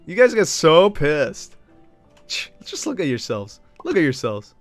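A man's voice: fairly high pitch, wildly swooping pitch, measured pace, no room sound, faint music behind. A man streaming a game, talking to his chat in a brash, teasing and profane way. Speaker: gaming streamer. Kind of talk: casual live-stream chat.

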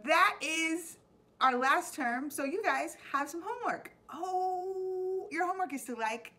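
A woman's voice: extremely high pitch, lively intonation, measured pace, pushed and bright. A young adult woman teacher hosting a playful web show, explaining slang in a chatty way and laughing often.

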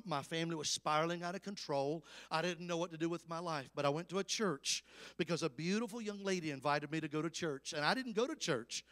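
A man's voice: fairly high pitch, fairly bright tone. A man in his fifties with a Southern Alabama accent, preaching a storytelling sermon with emphatic, folksy calls to the congregation. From Alabama, USA. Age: 50s. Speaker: evangelist preacher.

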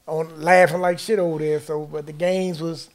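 A man telling a long story in casual chat, animated and profane, acting out what other people said. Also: a little high, moderate pace. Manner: animated, profane storytelling, acts out quoted dialogue. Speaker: guest storyteller.

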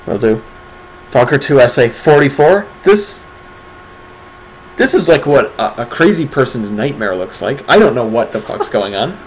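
A man's voice: mid-range voice, big pitch swings, normal speed, slight background noise, poor audio. A man hosting a casual livestream awards segment, talking in a wry, sarcastic, rambling way. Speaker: stream host presenting community awards.

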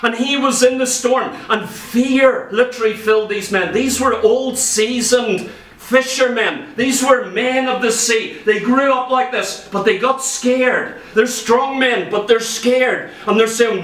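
A man's voice: very high-pitched, unhurried, a bit bright. A man preaching a sermon with passion, acting out the voices of people in his stories. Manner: impassioned, acts out quoted voices in stories. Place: church. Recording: echoey church from far off.

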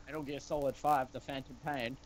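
A man playing a game on a livestream, joking and getting excitable as he chats. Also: mid-range voice, a little fast. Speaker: player on a gameplay stream. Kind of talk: casual chat on a livestream.

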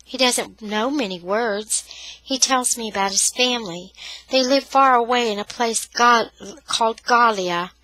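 A frightened young girl from a storybook reading, soft and breathy, pleading, voiced by a woman. The voice is bright and lifted, recorded close and dry. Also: fairly high pitch, no room sound, rough recording.

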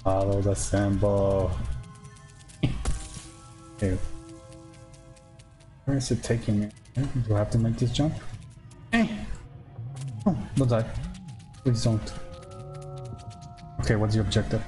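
A man's voice: on the low side, slow pace, pauses often. A man doing live let's-play commentary, jumpy and panicky, talking to himself and the game with mild swearing. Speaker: gamer streaming his play. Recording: loud game music under the voice.

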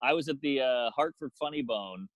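A man's voice: mid-range voice, expressive, normal speed, no room sound, poor audio. A man, a comedian, telling a profane story in a casual chat, acting out the quotes with energy. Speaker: comedian guest.

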